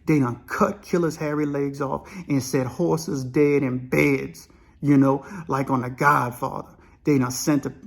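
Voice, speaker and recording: Male storyteller, high pitch, animated and conversational, acts out every quote. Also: gravelly, breathy edge. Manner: animated, acts out quoted dialogue, peppers speech with "man" and "you know". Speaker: storyteller recalling prison life. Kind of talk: casual spoken storytelling.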